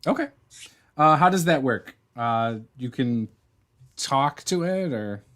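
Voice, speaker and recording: A man's voice: mid-range voice, lively intonation, slow pace, a bit bright. A man narrating as game master in a casual way, with many fillers. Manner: casual, filler-heavy description.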